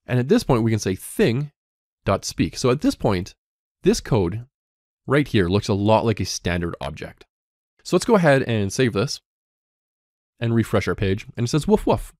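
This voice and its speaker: At a normal speed with long pauses, a coding instructor walks through a lesson step by step, reading his code aloud as he types. His pitch rises and falls in a lively way, and the studio-quality recording has no echo.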